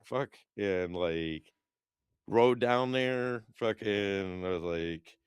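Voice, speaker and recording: A man's voice: very slow, no echo, studio quality. A man co-hosting a podcast, chatting casually and telling rambling stories full of fillers and cursing. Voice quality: smooth low voice. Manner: rambling, profane storytelling with lots of fillers. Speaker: podcast co-host.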